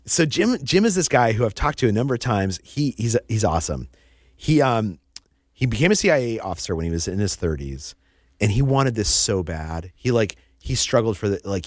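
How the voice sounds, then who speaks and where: Low-ish male voice, author guest, tells stories all animated, pitch jumps all over, dry sound. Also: brisk, dry recording. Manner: animated storyteller, acts out quotes, repeats words. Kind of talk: animated storytelling in an interview.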